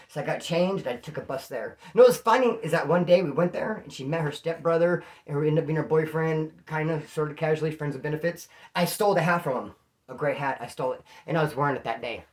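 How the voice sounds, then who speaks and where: A man from California telling a story casually, animated and slangy, acting out what people said. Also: on the high side, fast. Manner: animated, slangy, acts out quotes.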